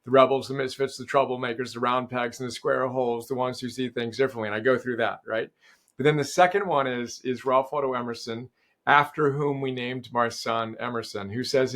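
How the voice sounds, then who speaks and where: A middle-aged man as a podcast guest in casual conversation, animated and enthusiastic, often quoting sayings. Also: medium pitch, brisk.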